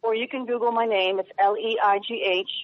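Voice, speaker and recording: A woman journalist speaking as a radio guest in an earnest, halting, heartfelt way. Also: a little high, steady tone, a little hiss or hum. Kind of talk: phone-in radio interview. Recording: tinny phone line.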